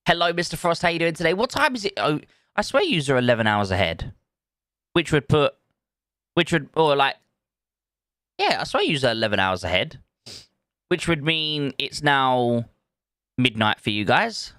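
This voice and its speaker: Smooth-voiced man streaming live. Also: a little high, very animated, moderate pace, long pauses, a bit bright, no room sound, clean studio sound. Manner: thinks aloud, greets chat viewers. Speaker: livestreamer. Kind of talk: casual live stream chat.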